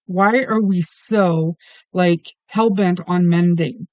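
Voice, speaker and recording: High-voiced earnest man giving a tarot reading. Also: fairly even intonation, slow pace, dry recording, dull audio. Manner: earnest, emphatic, keeps asking why. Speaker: tarot reader. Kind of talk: solo tarot reading monologue.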